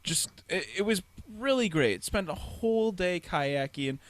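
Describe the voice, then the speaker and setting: A young man from the Detroit area chats on a podcast, his pitch jumping around as he talks. He laughs a lot and slips into high squeaky imitations of other people. His voice sits a little higher than most men's. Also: animated, measured pace, dry recording. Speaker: podcast co-host. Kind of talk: casual chat.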